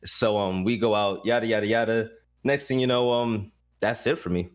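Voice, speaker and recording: A man guesting on a podcast, telling a story in a blunt, animated way and swearing freely. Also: fairly low pitch, moderate pace. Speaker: podcast guest, esports caster. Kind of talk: casual storytelling.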